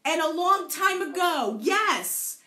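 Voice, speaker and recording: A woman's voice: very high-pitched, animated, slow, bright, forceful tone, roomy sound. A playful woman leading a live group storytelling session, encouraging her participants and joking about tongue twisters. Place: indoor room, also streamed to Facebook.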